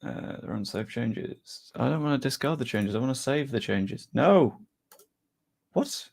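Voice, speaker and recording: Before a football match, a young streamer with a medium-pitched, gravelly voice talks casually to his audience at normal speed. He's chatty and self-deprecating, reading viewers' messages out loud.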